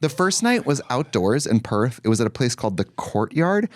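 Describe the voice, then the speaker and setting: A man's voice: mid-range voice, big pitch swings, normal speed. A man co-hosting a podcast, telling rambling stories in casual chat. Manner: chatty, rambling storyteller. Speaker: podcast co-host.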